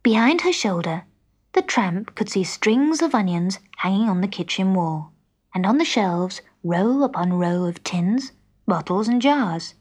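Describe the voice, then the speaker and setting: A woman narrating a children's storybook in an expressive, measured way. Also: mid-range voice. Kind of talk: storybook reading.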